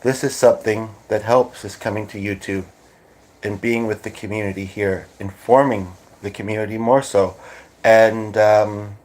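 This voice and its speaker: A man's voice: fairly low pitch, steady tone, moderate pace, darkish tone. A man from Canada hosting a casual livestream chat, playful and chatty, slipping into little sung bits. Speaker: livestream host.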